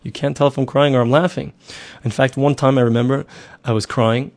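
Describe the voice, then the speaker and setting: A man's voice: mid-range voice, fairly even intonation, a little fast, a little mellow. A middle-aged man giving a spoken Torah lesson, explaining earnestly, repeating himself and asking rhetorical questions. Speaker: Torah teacher.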